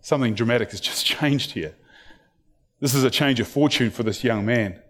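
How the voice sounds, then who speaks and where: A man's voice: mid-range voice, moderate pace, fairly bright tone. A man preaching a sermon, retelling a story and acting out what its people think and say. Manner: storytelling, acts out the characters' thoughts and words.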